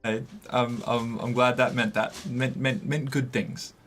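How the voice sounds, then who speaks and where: A young man from the US Northeast reads viewer messages during a casual stream, talkative and meandering with many fillers. His medium-pitched, slightly bright voice moves a little slowly with fairly even intonation, and faint music can be heard in the background.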